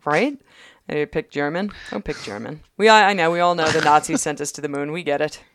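A woman co-hosting a podcast, recapping an episode in casual chat with wry, quick asides. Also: low-pitched. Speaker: podcast co-host.

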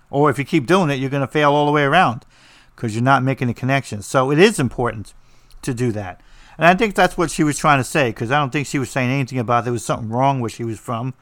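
A man's voice: mid-range voice, fairly bright tone, dry recording. A man with a New Jersey accent, teaching about writing in a blunt, rambling, joking way with lots of fillers. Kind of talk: casual monologue.

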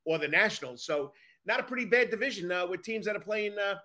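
With a high voice, lively intonation, and a quick pace, this man co-hosts a baseball podcast; his sound is bright and pushed. He chats casually and upbeat, keeping the discussion moving.

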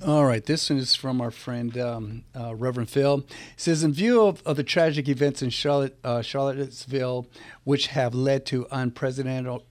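A man's voice: mid-range voice, steady tone, normal speed, dry recording. A man co-hosting a radio talk show, talking casually and stumbling over words as he reads listener emails aloud. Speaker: radio co-host.

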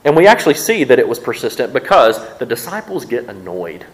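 A man preaching a sermon from the pulpit of a church, his pitch rising and falling with lively, animated inflection. He talks to the congregation in a conversational way, often stumbling into quick word repeats before landing his point. His voice sits in a middle register for a man. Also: poor audio. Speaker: pastor.

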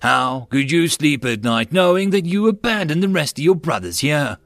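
A man voicing a gruff male squad corporal who growls commands at his soldiers. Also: a little high, big pitch swings, normal speed, a bit bright, dry recording, voice pushed up. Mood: stern.

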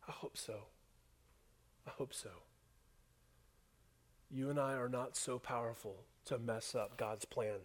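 A man preaching a sermon to a congregation, dropping to hushed lines and rising to loud, emphatic ones. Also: mid-range voice, steady tone, slow pace, pauses often. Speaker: pastor. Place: church hall before a congregation.

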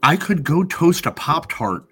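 A man co-hosting a podcast in casual chat, an animated storyteller who acts out quotes. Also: fairly high pitch, measured pace, slightly rough, soft background music. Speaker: podcast co-host.

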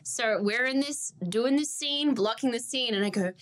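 A woman's voice: fairly high pitch, moderate pace. A young Australian woman, a singer and music teacher, chatting as a guest and acting out the voices in her stories. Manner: animated storyteller who acts out quoted voices. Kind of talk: casual interview chat.

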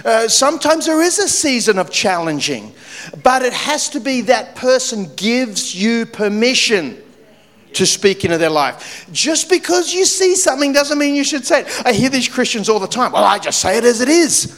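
A man preaching a sermon, telling a story with lively shifts between loud punchy lines and low, quiet, weighty ones. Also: moderate pace, big-room sound. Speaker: pastor.

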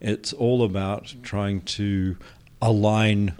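Low-voiced man explaining steadily. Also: flat delivery, darkish tone, smooth. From Australia. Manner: measured explaining with many "um" pauses. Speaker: guest. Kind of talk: conversational interview.

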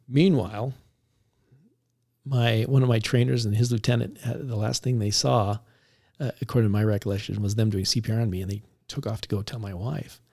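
A man, a police officer, recounting a story in a relaxed conversational way, laughing now and then as he talks. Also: fairly low pitch, brisk, creaky, slightly rough. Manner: animated, laughs while recounting.

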